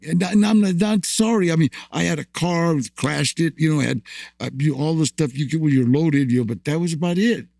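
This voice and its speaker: A man's voice: on the high side, gravelly, a little mellow, no echo. An older man from the United States, a guest in an interview, tells rambling stories of his past, repeating words and laughing often. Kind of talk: storytelling interview.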